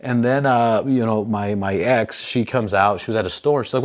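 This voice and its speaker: A man in his thirties tells stories on a casual talk show, swearing freely and acting out the people he quotes. His voice sits at a middle pitch and swings from loud bursts to mutters. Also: moderate pace, hardly any pauses. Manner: animated, profane, acts out quoted people. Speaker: podcast host. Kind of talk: casual storytelling.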